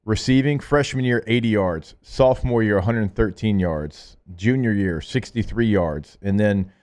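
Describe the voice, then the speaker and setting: Low-voiced stat-reciting radio man. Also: a little mellow. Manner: rattles off stats, quick and chatty. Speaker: sports radio co-host. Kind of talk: casual sports talk.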